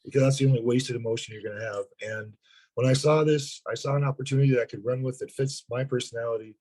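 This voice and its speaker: A hoarse man, a sales partner, talking earnestly in a webinar interview and often repeating words as he starts a thought. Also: mid-range voice, steady tone, fast talker, warm tone, poor audio. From North Dakota.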